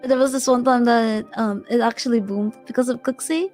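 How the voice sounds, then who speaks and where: A woman with a high voice chats as a guest on an interview show. She giggles often and hesitates, repeating words while she gathers her thoughts. Faint music plays underneath. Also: steady tone, a little fast, darkish tone. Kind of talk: casual interview chat.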